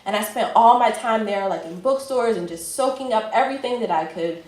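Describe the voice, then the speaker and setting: A woman's voice: fairly high pitch, a little fast. Chatty woman in an echoey room. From United States. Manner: chatty, lively anecdote-telling, many filler "like"s. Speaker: fashion entrepreneur. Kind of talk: personal storytelling.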